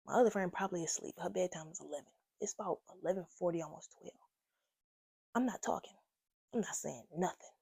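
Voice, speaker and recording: Gravelly young woman telling a story. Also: on the low side, fairly quick, dry recording, studio quality. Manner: animated, slangy, talks straight to viewers. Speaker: vlogger. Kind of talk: casual storytime. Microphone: own microphone.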